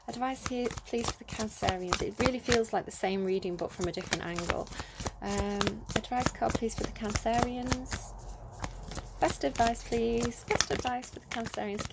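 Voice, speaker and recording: A woman's voice: medium pitch, creaky, very noisy. A woman giving a casual tarot reading into her phone, talking in a chatty, rambling way with plenty of fillers. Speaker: tarot reader.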